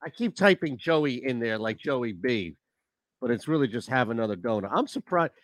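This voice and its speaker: A man hosting a casual sports talk show, rambling and animated. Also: medium pitch, normal speed, no room sound.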